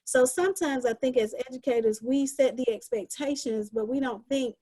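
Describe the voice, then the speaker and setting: A woman teacher with a higher, mellow voice explains her point earnestly and step by step. She speaks in a casual panel discussion, heard through a video-call mic. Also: normal speed. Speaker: special education teacher.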